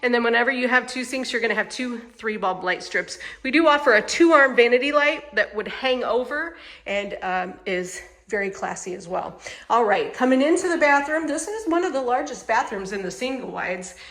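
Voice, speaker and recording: A woman's voice: fairly high pitch, lively intonation, normal speed, a bit bright. Chatty Midwestern woman giving home tour. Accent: Midwestern American. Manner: chatty and enthusiastic, repeats phrases. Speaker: manufactured home sales host. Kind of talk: casual walkthrough home tour. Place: indoors in a manufactured home.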